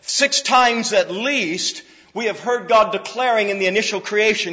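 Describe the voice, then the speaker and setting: A man's voice: high-pitched, a little slow, few pauses, bright, forceful tone, husky. A man preaching an expository sermon, earnest and repetitive, often restarting his sentences. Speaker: pastor. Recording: dull hall reverb.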